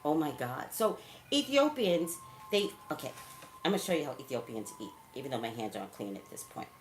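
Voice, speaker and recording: A woman chats straight to the camera, her pitch swinging widely as she tells her stories. She sounds like a casual vlogger in an echoey room, with a faint hiss behind her. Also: fairly quick. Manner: animated, chatty storyteller who talks straight to viewers. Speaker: psychic vlogger.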